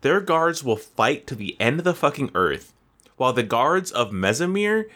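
Bright-voiced ranting man. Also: mid-range voice, moderate pace. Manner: profane, ranting, animated complaints. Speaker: podcast co-host. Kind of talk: casual gaming chat.

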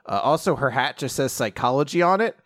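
A man's voice: mid-range voice, lively intonation, fairly quick, a bit bright. A man in casual chat, animatedly recapping a story, laughing often and acting out quoted lines.

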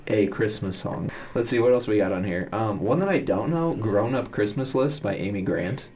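A man's voice: lowish voice, moderate pace, darkish tone, slight background noise. A man hosting a casual staff chat, rambling with lots of filler words. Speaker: podcast host.

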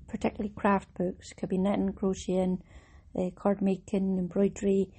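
A woman's voice: medium pitch, darkish tone, slightly rough. A woman hosting a casual craft podcast, chatting in a rambling, self-mocking way with fillers. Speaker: podcast host. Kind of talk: casual chat.

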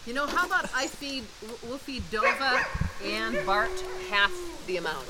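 A woman dog breeder talking outdoors, brisk and practical, giving instructions to visitors. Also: fairly high pitch, lively intonation, very noisy. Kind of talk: casual chat. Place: outdoors in a yard with dogs.

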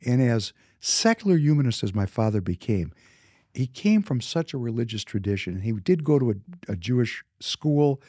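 Emphatic husky man in his fifties. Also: medium pitch, big pitch swings, moderate pace, dark tone, dry recording, clean studio sound. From Minnesota, United States. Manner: emphatic, repeats words for emphasis. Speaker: businessman. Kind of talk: casual storytelling monologue.

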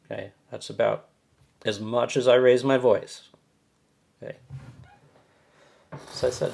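Male host, middle-pitched, husky; rambling, agitated personal monologue. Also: steady tone, unhurried, long pauses, darkish tone. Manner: rambling, repeats and restarts words; agitated, complaining. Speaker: podcast host.

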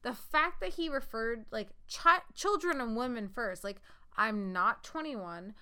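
A woman in her thirties telling a story in casual chat, animated and swearing freely. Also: fairly high pitch, a little slow, clean tone. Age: 30s.

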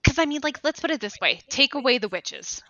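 A woman's voice: high-pitched, fairly quick, highs cut off, a crowd in the background. A woman co-hosting a podcast, chatting casually and animatedly, laughing often and slipping into silly voices. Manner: giggly, animated, puts on silly voices for characters. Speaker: podcast co-host. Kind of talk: casual chat.

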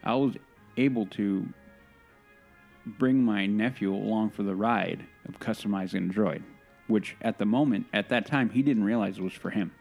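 A man with a fairly low voice co-hosts a casual podcast, spinning an eager, meandering story. Faint music sits quietly behind him. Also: moderate pace, creaky. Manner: enthusiastic, rambling storyteller. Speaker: podcast co-host.

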